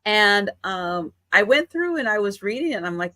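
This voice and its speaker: A woman speaking hesitantly in casual chat, with halting phrasing. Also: medium pitch, big pitch swings, sharp tone, dry recording, clean studio sound.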